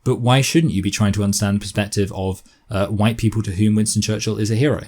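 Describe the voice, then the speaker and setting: A man's voice: fairly low pitch, darkish tone. A young man with a posh English accent gives an argumentative opinion monologue, rambling and often correcting himself. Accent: posh southern English.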